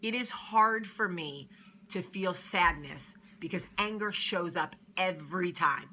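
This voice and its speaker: A woman in her thirties chatting casually as a vlog host, telling stories with lively shifts between murmurs and loud bursts. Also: on the low side, measured pace, slight background noise. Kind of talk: casual confessional chat.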